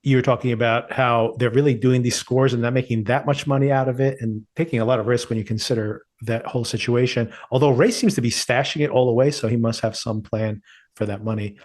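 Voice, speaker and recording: Relaxed man reviewing a TV show. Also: medium pitch, fairly quick. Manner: thoughtful, relaxed, chuckles often. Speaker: podcast co-host. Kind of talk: casual TV review chat.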